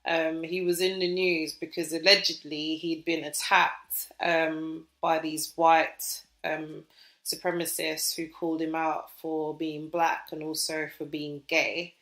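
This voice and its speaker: A woman with a British accent co-hosting a podcast, telling stories in a chatty, animated way with lots of fillers. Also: low-pitched, slow pace, echoey room. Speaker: podcast co-host. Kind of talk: casual podcast chat.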